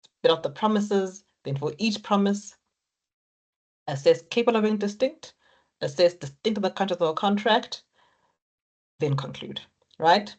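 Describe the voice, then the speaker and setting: A woman's voice: mid-range voice, animated, measured pace, long pauses, darkish tone. A woman lecturing students on exam technique, encouraging and repetitive as she talks them through each step. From Africa. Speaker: accounting lecturer.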